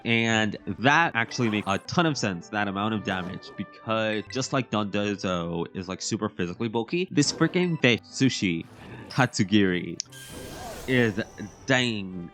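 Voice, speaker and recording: Young guy doing a let's play, lowish voice that jumps all over, chatty and goofy, faint game music behind. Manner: excitable, chatty, self-mocking. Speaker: gaming commentator. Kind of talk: casual let's-play commentary.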